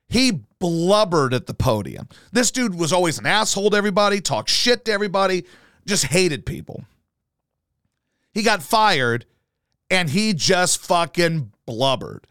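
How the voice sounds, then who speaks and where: Male podcaster, blunt and foul-mouthed, lively swinging pitch, smooth voice, dry close sound. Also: no room sound. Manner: profane, combative, rambling. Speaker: podcast host. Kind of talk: ranting solo podcast.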